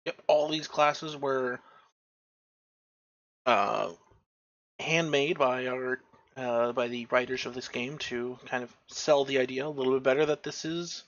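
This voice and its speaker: A man running a tabletop game as game master, narrating in a halting way full of fillers. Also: medium pitch, steady tone, a bit bright. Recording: dull lo-fi mic.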